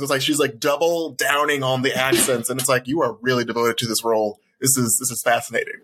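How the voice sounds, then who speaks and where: Bright-voiced man, animated chatter. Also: mid-range voice, normal speed. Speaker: podcast co-host. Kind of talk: casual chat reviewing a movie.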